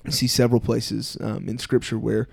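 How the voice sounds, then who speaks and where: A young man, a pastor guesting on a podcast, speaking thoughtfully and measuredly with many pauses and ums. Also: mid-range voice, little pitch movement, vocal fry, no echo, clean studio sound. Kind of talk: casual podcast chat.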